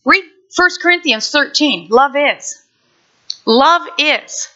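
Bright high-voiced woman preaching a lively sermon. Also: slow pace, lo-fi sound. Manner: animated, acts out little scenes and exclamations.

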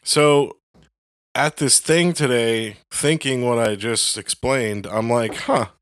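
A young adult man co-hosting a casual faith podcast, talking in an animated way, leaning on "like" and acting out voices. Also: mid-range voice, slow pace, no room sound, clean studio sound. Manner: animated, heavy on "like", acts out voices. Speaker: podcast co-host.

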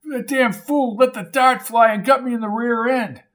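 An indignant older man complaining in a high, strained voice, voiced by a male audiobook narrator. He is loud and affronted. He sounds put out and grumbling. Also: fairly even intonation, moderate pace. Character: older man, indignant official hit by a dart.

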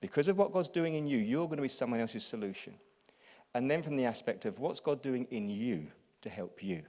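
Preacher in a reverberant hall. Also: male voice, mid-range voice, brisk. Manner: animated preaching, swings from hushed to loud; has the congregation repeat lines. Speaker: pastor. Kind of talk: sermon.

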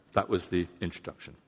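A man's voice: low-pitched, breathy edge. A man preaching a sermon in a conversational, self-deprecating way, sometimes acting out the voices of imagined people. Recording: long hall reverb.

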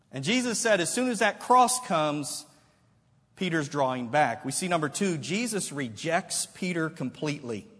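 A male preacher delivers an animated sermon with a high, husky voice. He moves between scripture readings and casual paraphrase. His voice rings out with the long reverb of a large hall.

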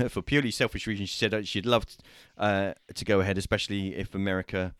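A man hosting a casual discussion show over a remote call, talking with many pauses, fillers and restarts. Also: fairly low pitch, fairly even intonation, a bit bright, clear, resonant tone, no echo. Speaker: host.

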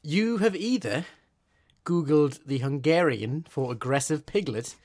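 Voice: medium pitch, animated, unhurried, darkish tone. Teasing co-host, dry jokes, bouncy voice, just chatting. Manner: wry, teasing, dry remarks. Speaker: podcast co-host. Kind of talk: casual chat.

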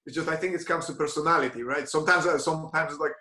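A man, a ballet dancer, telling stories in a lively, conversational way, laughing often and acting out the lines of other people. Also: on the high side, very fast. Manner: animated, acts out quoted lines, frequent laughs. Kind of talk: conversational storytelling. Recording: roomy echo.

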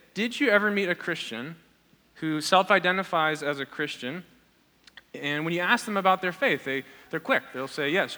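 Bright-voiced man preaching in a hall. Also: a little high. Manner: earnest, asks the congregation repeated questions. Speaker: pastor. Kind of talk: sermon. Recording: long reverb of a large hall.

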